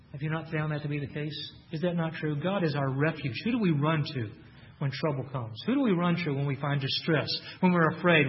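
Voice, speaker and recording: Earnest higher-voiced man preaching. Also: muffled recording. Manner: earnest, repeats phrases, rising on quoted verses. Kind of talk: sermon.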